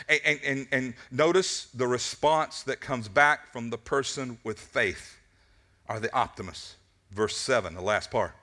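A man preaching a sermon at a church service, telling a story in an animated way and often repeating his words as he goes. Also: medium pitch, moderate pace. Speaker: pastor.

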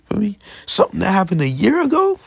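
A young man rants to his audience in a casual vlog, slangy and aggrieved, circling back to the same points. His voice is husky and his pitch jumps all over the place. The sound is dry and close. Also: huge pitch swings, quick pace, dry recording. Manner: slangy, repetitive, aggrieved, keeps asking "you feel me". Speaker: vlogger. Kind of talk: casual straight-to-camera rant.

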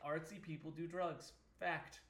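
A young man co-hosting a comedy podcast, wry and teasing. His voice sits a bit high, and it sounds like he's in an echoey room. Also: fairly even intonation, measured pace, fairly bright tone. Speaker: podcast co-host reading stage directions. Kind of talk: casual comedic chat.

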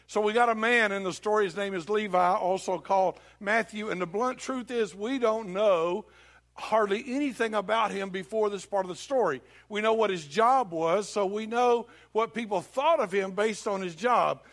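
A man's voice: high voice, normal speed, a bit bright. A man preaching a sermon in a church, telling folksy stories and joking with the congregation. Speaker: pastor.

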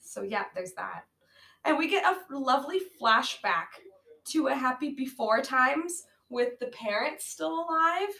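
A woman's voice: high voice, lively intonation, unhurried, vocal fry, bright, forceful tone. Sarcastic young-sounding woman in an echoey room. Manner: sarcastic, laughing, swearing freely. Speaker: podcast co-host. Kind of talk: casual movie-review chat. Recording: echoey room, amateur audio.

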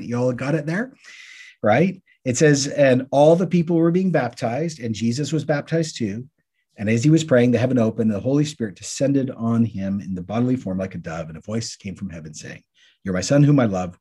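A man co-hosting a podcast, teaching through Bible passages in a casual, lively way and acting out the questions listeners might ask. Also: medium pitch, slightly rough.

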